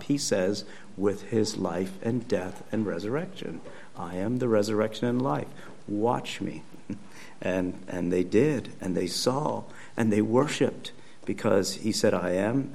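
A pastor giving a conversational sermon with emphatic repetition, speaking in a church. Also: male voice, fairly low pitch, creaky, darkish tone, a little hiss or hum. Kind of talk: sermon teaching.

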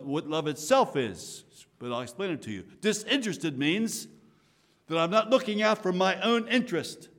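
A man preaching a sermon, swinging from loud emphatic lines to soft hushed asides. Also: a little high. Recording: long hall reverb.

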